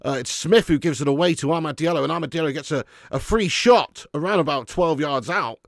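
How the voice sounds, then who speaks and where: A man hosting a live match watch-along, chatting excitedly with viewers and calling them mate and lad. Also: a little high, brisk, dry recording, clean studio sound. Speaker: fan channel host doing a live match watch-along. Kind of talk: casual live-stream commentary and chat.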